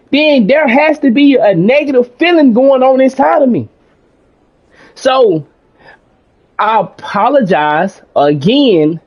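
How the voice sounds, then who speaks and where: A man with a fairly high voice talks through his thoughts on a gaming stream, calm and rambling, often restarting his sentences. The audio is dull and lo-fi, like a home stream setup. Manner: calm, rambling and self-reflective with frequent restarts; casual speech with mild swearing. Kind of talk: reflective casual monologue.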